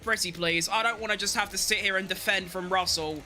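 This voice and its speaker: A young man giving excitable live commentary on his own racing game, talking to himself and chanting while he drives. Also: high-pitched, a little fast, soft background music. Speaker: gaming streamer.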